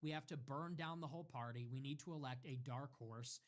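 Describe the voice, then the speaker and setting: A man's voice: medium pitch, brisk. A man speaking as a political commentator in a heated, sarcastic ranting monologue, mocking his targets.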